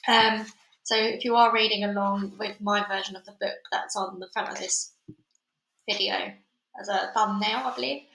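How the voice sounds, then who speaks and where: A woman with a medium-pitched, fairly even, slightly creaky and somewhat bright voice reads a children's novel aloud at a moderate pace. She's a storybook reader who closes with a chatty, informal goodbye to her listeners, and the room she's in is echoey.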